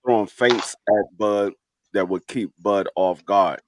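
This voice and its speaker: A man's voice: fairly low pitch, fairly even intonation, slow pace, slight background noise. A man on a casual sports podcast, explaining his point step by step and often repeating words. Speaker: podcast co-host.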